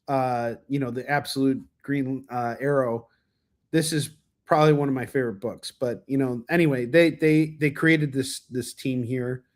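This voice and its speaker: A man hosting a casual livestream, reviewing comics in a rambling, enthusiastic way, full of fillers and restarts, with a cough now and then. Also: medium pitch. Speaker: comic book reviewer, stream host.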